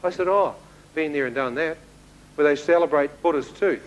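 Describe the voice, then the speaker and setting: A man from New Zealand with a New Zealand accent, telling his testimony as a sermon and acting out the dialogue in an animated way. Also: fairly high pitch, moderate pace, highs cut off. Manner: animated storyteller who acts out dialogue, with laughs. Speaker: preacher giving a testimony.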